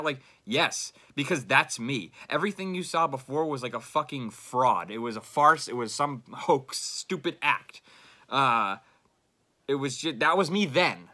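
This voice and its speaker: A man's voice: medium pitch, normal speed, pushed and bright. A young man, rambling casually and frustratedly about his own videos, full of fillers and swearing. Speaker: YouTuber. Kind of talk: unscripted rambling monologue.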